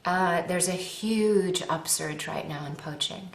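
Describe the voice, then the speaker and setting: A woman's voice: lowish voice, slow, creaky. A woman actress and advocate making a personal appeal to viewers from home, earnest and rambling, with a self-deprecating humor. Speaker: actress and animal-rights advocate. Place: at home with her dog nearby. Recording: roomy echo.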